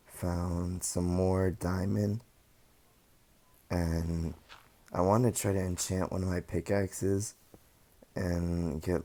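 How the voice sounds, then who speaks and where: A young man with a low, fairly monotone voice gives relaxed commentary over his game footage. He rambles a little and fills pauses with ums and likes. His tone stays mellow throughout. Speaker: gaming channel host. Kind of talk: casual gameplay commentary.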